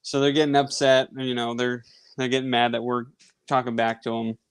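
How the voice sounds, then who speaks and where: A man's voice: medium pitch, moderate pace, clear, resonant tone, dry recording. A man in his thirties, hosting a sports podcast and telling a long casual story with lots of fillers. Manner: rambling, animated anecdote with many fillers. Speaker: podcast host.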